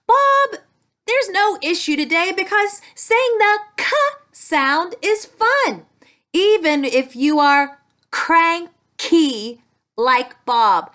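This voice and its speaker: A woman speech-language pathologist teaching young children a speech sound with toys, talking slowly and stretching her sounds. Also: very high-pitched, lively intonation, sharp tone.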